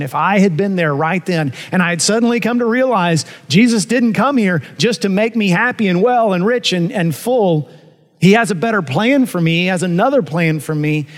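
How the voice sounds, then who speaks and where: Earnest preacher man in a reverberant hall. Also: sits high. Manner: earnest preaching with emphatic rises and hushed asides. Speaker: pastor. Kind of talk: sermon. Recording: long reverb of a large hall.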